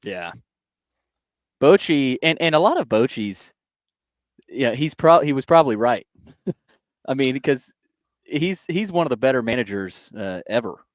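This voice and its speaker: A man's voice: mid-range voice, sing-song, unhurried, long pauses, no room sound, clean studio sound. A man co-hosting a sports talk radio show, upbeat and reading sponsor lines. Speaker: radio co-host.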